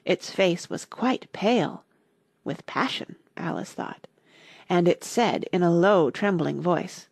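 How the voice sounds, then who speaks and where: Woman reading a storybook aloud, breathy voice, lively pitch, dry close sound. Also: slow pace, no room sound. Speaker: narrator. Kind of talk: audiobook reading.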